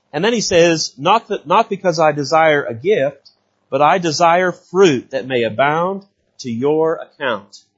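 A man's voice: mid-range voice, husky, lo-fi sound. A middle-aged man preaching a sermon as a visiting missionary, folksy and storytelling, with frequent fillers and restarts. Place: church sanctuary.

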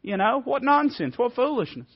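Fervent high-voiced preacher, muffled radio. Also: male voice, big pitch swings, normal speed, slightly rough. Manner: fervent, swings from loud emphasis to hushed soft passages. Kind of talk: sermon.

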